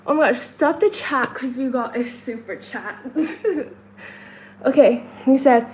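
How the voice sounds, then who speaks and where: A woman from China hosts a casual livestream from a hotel room, counting aloud, answering chat questions and laughing often. Her high voice moves at a slow pace, and the rough recording has slight background noise.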